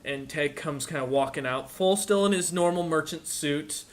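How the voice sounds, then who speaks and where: A man narrating as dungeon master in a halting way, with many fillers. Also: on the high side. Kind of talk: narrating a tabletop game.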